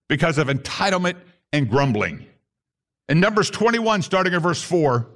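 A man's voice: sits high, a bit bright. A man preaching a sermon to his congregation, reading scripture and acting out the grumbling voices. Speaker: pastor.

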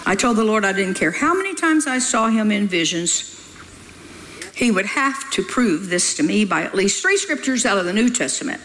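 An older woman preaching a sermon, lively and exclamatory, with playful asides and stories from her family life. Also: medium pitch, moderate pace, a little hiss or hum, rough recording.

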